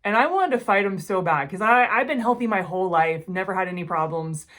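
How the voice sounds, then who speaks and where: A woman in her forties telling a personal story to the camera, earnest and emotional, often speaking quietly. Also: medium pitch, lively intonation, fairly quick. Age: 40s. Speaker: jewelry-making channel host.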